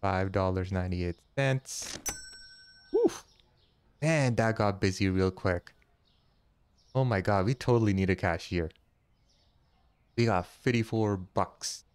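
A man hosting a casual let's-play, chatty and jokey, thinking aloud and counting money out loud as he goes. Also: low voice, a little slow, long pauses, clean tone. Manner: jokey, easily startled. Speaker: gaming channel host.

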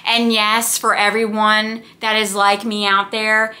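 A woman's voice: mid-range voice, little pitch movement, unhurried, pushed and bright. A young woman from the United States, chatting casually and gushing about books, with rambling asides. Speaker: book vlogger. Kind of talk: casual chat.

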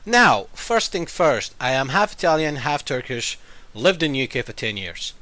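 A man's voice: medium pitch, very animated, unhurried, pushed and bright. A man with an unusual mixed accent, talking casually to viewers as a gaming YouTuber and explaining things at length. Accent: unusual mixed accent that viewers comment on. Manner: talkative, explains at length, defends himself. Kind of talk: casual game commentary to viewers.

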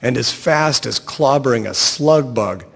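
A man reading a short story aloud in a wry, deadpan storytelling voice. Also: mid-range voice, measured pace, creaky, slightly rough, long reverb tail. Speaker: narrator.

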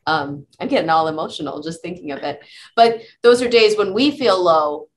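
A woman's voice: medium pitch, animated, a little fast. A middle-aged woman, a psychologist guest on an interview podcast, talking earnestly and telling stories with many fillers and restarts. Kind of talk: conversational interview answers.

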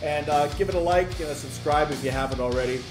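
A man's voice: fairly high pitch, fast. A man giving a casual sign-off to viewers of his video. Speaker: comedian addressing viewers. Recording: echoey room with guitar music.

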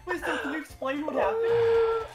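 A woman's voice: very high voice, lively intonation, moderate pace, loud music behind the voice. A woman chatting and teasing friends while gaming. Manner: laughing, teasing. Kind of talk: casual gaming chat.

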